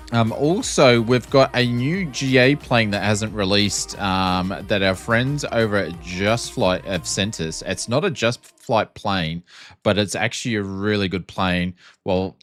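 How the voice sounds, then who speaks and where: A man's voice: lowish voice, a bit bright. A man with an Australian accent chatting casually and joking with viewers on a flight sim live stream. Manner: chatty, joking, lots of ums.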